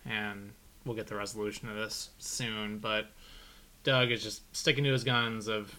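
Guy cohost with a bright sharp voice, laying out the plot. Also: on the low side, level tone, moderate pace. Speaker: podcast co-host. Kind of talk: casual TV recap chat.

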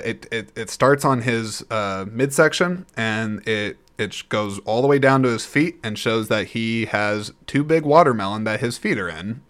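A man hosting a casual solo movie-review podcast, rambling and chatty, with frequent throat clearing and restarts. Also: mid-range voice, a bit bright. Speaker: podcast host.

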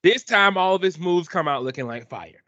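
High, bright-voiced man ranting animatedly. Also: animated, normal speed, no echo. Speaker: podcast co-host. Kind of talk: casual gaming chat. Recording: dull lo-fi dry sound.

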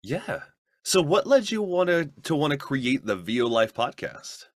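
A man's voice: on the high side, big pitch swings, unhurried, no echo, clean studio sound. A man hosting a podcast, asking curious questions and giving brief affirmations. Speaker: podcast host. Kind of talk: interview questions.

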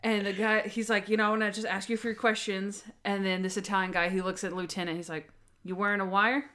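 A young woman in casual podcast chat, animatedly retelling TV scenes and acting out quotes. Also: fast talker. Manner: animated, acts out quotes with big pitch jumps. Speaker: podcast co-host. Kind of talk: casual chat recapping a TV show.

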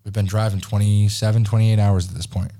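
A man in his thirties, a podcast host telling a story in casual chat, animated and profane, acting out the dialogue. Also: fairly low pitch, brisk.

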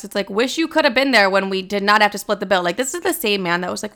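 A woman's voice: mid-range voice, fast talker, few pauses, fairly bright tone. A young woman from Chicago hosting a podcast, chatting casually and swearing a lot, with many "like" fillers. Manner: chatty, profane, lots of "like" fillers. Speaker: podcast host. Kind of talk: casual chat.

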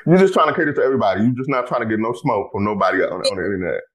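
A man in his twenties hosting a podcast, talking excitedly and casually with lots of exclamations. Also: on the low side, very fast, low-quality recording. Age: 20s. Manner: bubbly, animated, lots of exclamations. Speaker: podcast host.

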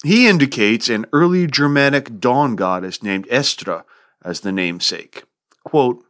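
A man's voice: medium pitch, expressive, unhurried, a bit bright. A man hosting a literature podcast, lecturing with wry joking asides and reading a poem aloud. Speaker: podcast host.

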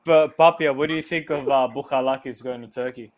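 A man co-hosting a casual live-stream chat over a video call, with relaxed, slangy banter. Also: medium pitch, a little fast. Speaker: podcast co-host.

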